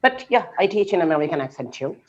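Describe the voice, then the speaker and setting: A man's voice: on the high side, big pitch swings, fast, highs cut off. A man who teaches English, chatting casually over a video call, hesitant and full of fillers and restarts.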